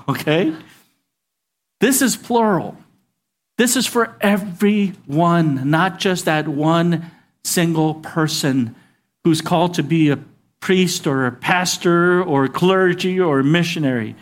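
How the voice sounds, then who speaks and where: High-voiced male pastor preaching. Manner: conversational preaching with call-and-response asides. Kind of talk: sermon.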